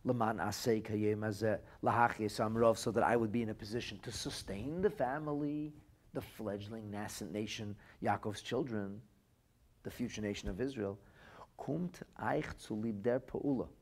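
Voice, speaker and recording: In a lively, text-based Torah lesson, a rabbi with a lowish voice speaks at normal speed. He reads phrases from classic texts aloud and renders them in plain speech.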